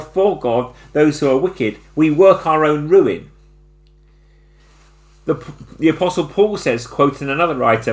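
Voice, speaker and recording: A middle-aged man preaching a sermon, building to emphatic, repeated phrases. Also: a little high.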